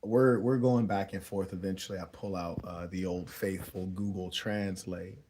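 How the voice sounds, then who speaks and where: Young male dating coach, low voice, easygoing slang-heavy monologue with chuckles. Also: fairly even intonation, normal speed, mellow. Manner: laid-back, slangy, chuckles often. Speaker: dating advice host. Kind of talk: casual storytelling monologue.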